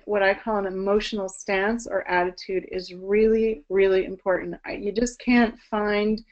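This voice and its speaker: Over a video call, a woman voice teacher gives an online presentation explaining singing technique, with sung and spoken demonstrations. Her voice is mid-range and the recording sounds muffled.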